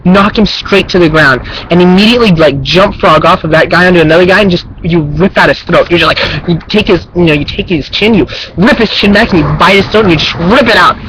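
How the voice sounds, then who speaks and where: A young man with a slightly high voice tells a rambling story in a casual spoken message. He talks in an animated way, with lots of fillers and sound effects. A faint hiss sits under his voice. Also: a little fast, hardly any pauses, poor audio. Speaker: vlogger addressing his twin brother.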